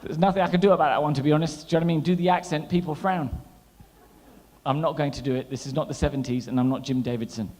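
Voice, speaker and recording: A man's voice: a little high, fast talker, a little hiss or hum. Man, thirties, stand-up comic, chatty, teasing the audience, long hall reverb. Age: 30s. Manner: chatty, animated, teasing the crowd. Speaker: stand-up comedian. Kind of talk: stand-up comedy set. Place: large hall at a gala dinner.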